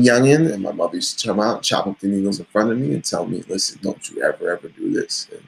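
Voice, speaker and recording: A middle-aged vlogger and coach with a low, creaky voice gives a blunt, profane motivational pep talk in a casual talking-head vlog, swearing freely. The audio is poor.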